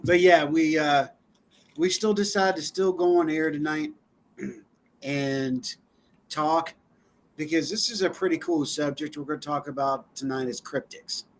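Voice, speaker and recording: A man's voice: fairly high pitch, steady tone, measured pace, a little hiss or hum. A man co-hosting a live-stream talk show, chatting casually with a loose, laughing, filler-heavy delivery. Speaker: co-host.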